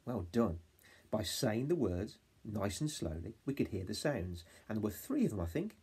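A young Englishman teaching a phonics lesson to small children at home, modelling each word slowly sound by sound and inviting them to copy. His voice is low and quite husky, with a dark, mellow tone. His pitch swings widely as he encourages the kids. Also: sing-song. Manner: slow, sound-by-sound modelling with call-and-response prompts. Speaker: reception class teacher.

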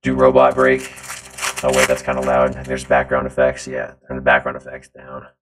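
A man talking through a robot voice changer, loud and testing the effect. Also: extremely low pitch, completely flat delivery, moderate pace, pitched below the performer's own voice. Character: deep robot voice.

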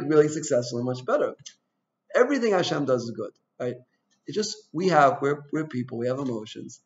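A man teaching an informal Torah class, chatty and full of "you know", telling personal stories and asking his listeners questions. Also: mid-range voice. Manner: asks the audience questions. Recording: dull lo-fi recording.

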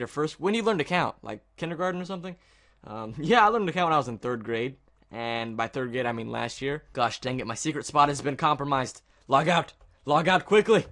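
A man giving casual gameplay commentary, excitable and jokey, with mock-dramatic outbursts. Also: mid-range voice. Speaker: gaming video creator.

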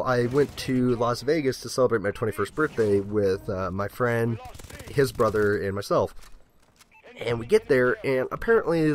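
Young guy in his twenties, game commentary voiceover, rambling deadpan humor, mid-pitched. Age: 20s. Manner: rambling, deadpan mock-serious jokes with filler words. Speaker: gameplay commentator. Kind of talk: joking gameplay commentary.

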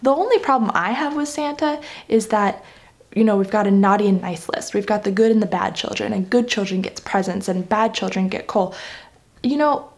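A woman's voice: medium pitch, normal speed, a little mellow. A young adult woman talking earnestly and reflectively in a casual vlog about parenting, with frequent "you know" and "like". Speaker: parenting vlogger.

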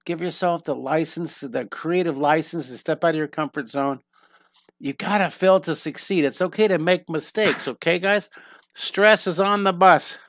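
A man's voice: on the high side, normal speed, dry recording, studio quality. A middle-aged man teaching a live online drawing lesson, upbeat and encouraging, thinking aloud with frequent restarts.

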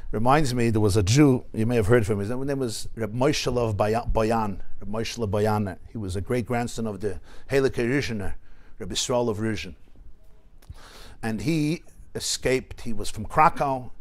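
A man, a rabbi giving a Torah class in a study hall, who tells stories with lively shifts and sprinkles in Yiddish and Hebrew terms. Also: fairly low pitch. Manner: animated storyteller mixing in Yiddish and Hebrew terms.

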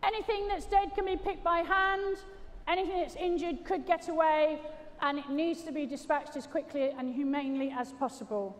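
A British woman's high voice comes through an echoey arena PA, heard from far off in a large indoor space. At a moderate pace she narrates a gundog training demonstration live, bantering playfully with the audience and complimenting her dogs along the way.

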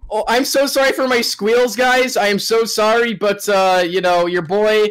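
A young man hosting a gaming video, giving casual, excitable play-by-play commentary with frequent yelps and laughs. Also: high voice, normal speed, clean tone.

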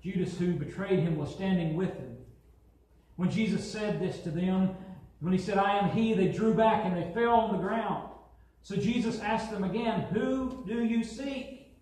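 A man's voice: sits high, moderate pace, darkish tone. A man preaching a sermon as pastor, building emphasis and acting out quotes. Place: church sanctuary. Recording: very echoey hall, from far off.

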